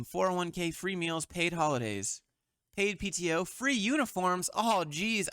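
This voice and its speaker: A man's voice: fairly high pitch, bright, forceful tone, no echo, studio quality. A man hosting a commentary show, reading memes aloud and mocking them bluntly, swearing often. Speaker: host. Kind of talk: sarcastic meme commentary.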